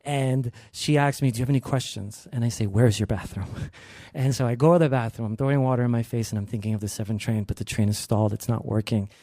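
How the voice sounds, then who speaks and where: A young man telling a personal story on stage, lively and acting out the quoted lines. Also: medium pitch, fast, no echo, clean studio sound. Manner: animated, acts out quoted lines.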